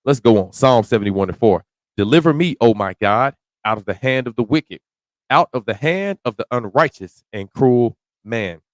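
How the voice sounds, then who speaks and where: A man preaching through a psalm verse by verse, close to the mic in a dry, deadened space. He reads the old scripture slowly and deliberately, then breaks it down in loose, slangy everyday talk that sometimes climbs to a shout. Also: mid-range voice, lively intonation, no room sound. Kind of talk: verse-by-verse sermon.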